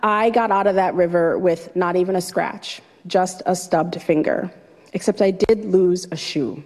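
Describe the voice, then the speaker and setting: A woman vividly telling a true personal story to an audience, dramatic and lively. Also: lowish voice, unhurried, long reverb tail. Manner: vivid, dramatic retelling with a light laugh.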